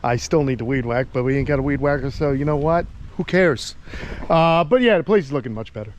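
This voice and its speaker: A man running a reptile sanctuary, chatting casually to viewers while coaxing his animals in a gentle voice, recorded outdoors on a head-mounted camera. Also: mid-range voice, fairly quick, slight background noise. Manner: soft coaxing talk to the animals. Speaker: reptile sanctuary keeper and vlogger. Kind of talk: casual vlog chat. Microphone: head-mounted action camera.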